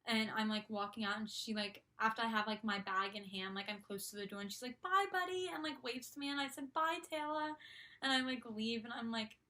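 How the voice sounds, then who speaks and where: A woman's voice: mid-range voice, fairly even intonation, fast talker, few pauses, sharp tone. A young woman in her college years telling a story casually, gushing and full of "like" and "um" fillers. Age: young adult. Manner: gushing, filler-heavy, constant "like". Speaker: vlogger.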